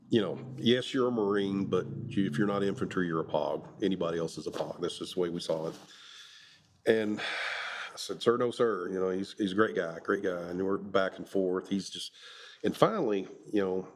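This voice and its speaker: A middle-aged man from Kentucky, a Marine veteran, telling relaxed stories with a chuckle in an oral history interview. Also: low voice, moderate pace, pauses often, a little hiss or hum. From Kentucky, USA. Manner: relaxed anecdotal storytelling with chuckles.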